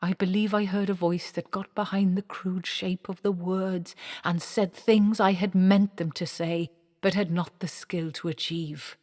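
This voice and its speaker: A woman voicing an excitable male dwarf playwright, reading with urgent, breathless bursts in a long-reverb hall recording. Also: fairly low pitch, unhurried, pitched above the performer's own voice. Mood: earnest.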